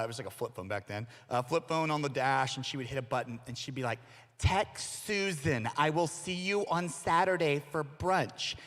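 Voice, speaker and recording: A man giving a youth sermon, telling stories with jokes and playful asides. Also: medium pitch. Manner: animated storytelling with jokes and asides. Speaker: youth pastor. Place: church hall. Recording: long reverb of a large hall.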